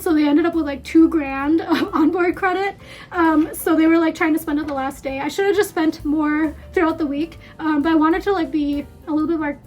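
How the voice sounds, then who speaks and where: A woman's voice: very high-pitched, darkish tone. A woman chatting casually through a haul video at home, rambling with lots of fillers and a bit out of breath. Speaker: beauty vlogger.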